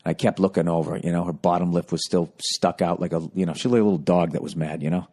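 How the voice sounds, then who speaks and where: A man hosting a comedy podcast, telling a profane, self-mocking story that swings from low mumbling to loud outbursts. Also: steady tone, fast talker, breathy edge. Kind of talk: casual storytelling monologue.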